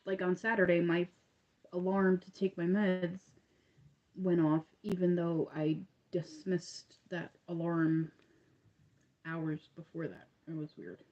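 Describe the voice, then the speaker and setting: A woman's voice: on the low side, level tone, slow pace, darkish tone, muffled recording. Chatty woman with an upstate New York accent. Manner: rambling, chatty, laughs often, many fillers. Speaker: crochet livestream host. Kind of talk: casual chat while crocheting.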